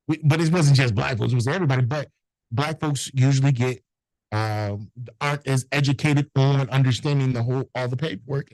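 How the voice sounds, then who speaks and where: A middle-aged man who owns a notary business tells animated, profane anecdotes in a casual interview, acting out the people involved. His medium-pitched voice is on a rough recording with no room sound.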